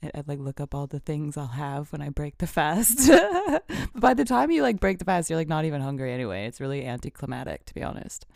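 A woman talking alone into a podcast mic in a small room, her voice low and gravelly with a dry, close sound. She rambles and giggles, often sinking into a whisper. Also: sing-song, fairly quick, a little mellow, no echo. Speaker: podcast host. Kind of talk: casual solo podcast monologue. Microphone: podcast microphone.

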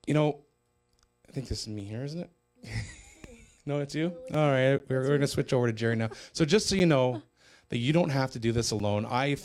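A man co-hosting a Christian broadcast, teaching on forgiveness in an earnest, conversational way with frequent restarts. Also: medium pitch. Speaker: Christian TV co-host. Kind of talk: sermon-style teaching.

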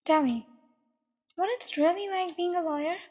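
A woman plays a cold young female killer in an audio story, teasing and slow with menace. The voice sits high and sounds dull, with a long echoing reverb around it. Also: a little mellow. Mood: mocking.

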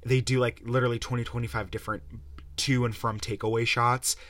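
A man's voice: mid-range voice, flat delivery, a little fast, fairly bright tone, no room sound. A young man hosting a podcast, rambling and sarcastic as he swears his way through a casual review. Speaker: podcast host. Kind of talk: casual rant-style review.

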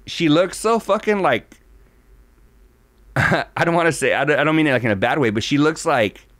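A man's voice: a little high, expressive, moderate pace, a bit bright, dry recording. A man co-hosting a podcast in casual chat, loose and profane, rambling with lots of fillers. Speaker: podcast co-host.

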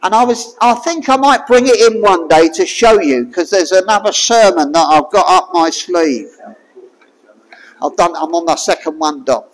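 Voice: medium pitch, expressive. A preacher giving a sermon to a small congregation, asking the listeners question after question. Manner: slow, questioning, draws listeners in with repeated rhetorical questions. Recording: long reverb of a hall.

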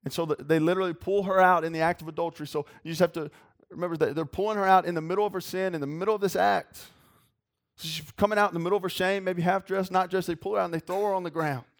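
A man's voice: sits high, steady tone, racing. A man preaching a sermon in a folksy, earnest way. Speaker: pastor.

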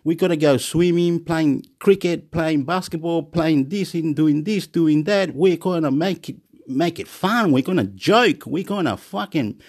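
A man from Chile, rambling in a monologue, swinging between loud excited boasting and quiet muttering and repeating words over and over. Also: a little high, measured pace.

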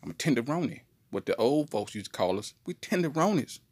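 A man telling a comedic story on a podcast in an animated, slangy way. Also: mid-range voice, brisk, breathy edge, no echo. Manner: animated, slangy, jumps into voices. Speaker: podcast co-host.

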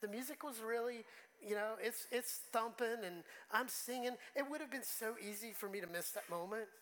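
A man's voice: very high voice, normal speed, fairly bright tone, poor audio. Emotional, conversational male pastor preaching. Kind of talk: sermon.

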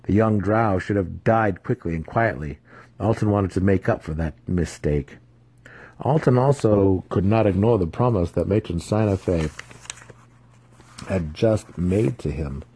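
A man narrates a fantasy novel as a dramatic reading. His voice sits low and dark, with a husky, slightly rough grain. He keeps a steady, measured storytelling pace. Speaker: audiobook reader.

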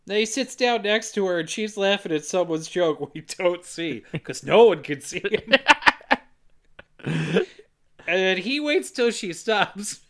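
A man co-hosting a podcast, retelling a movie's plot with profane jokes, frequent laughter and quick impressions of the characters. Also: high voice, animated. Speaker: podcast co-host. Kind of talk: casual movie recap narration.

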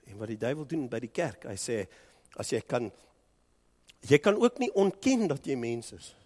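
South African pastor preaching in a hall. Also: male voice, very animated, normal speed. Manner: dramatic swings from loud urging to hushed lows. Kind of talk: bilingual sermon.

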